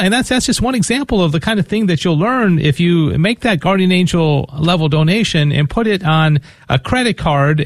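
A man's voice: on the high side, no room sound. Chatty man hosting a radio pledge drive. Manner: talkative, repeats words often. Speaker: radio fundraiser host. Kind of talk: casual on-air fundraising appeal. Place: radio studio.

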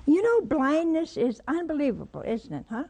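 A woman's voice: high-pitched, sing-song, moderate pace, warm tone. A woman preaching a sermon, telling a Bible story and putting rhetorical questions to her listeners.

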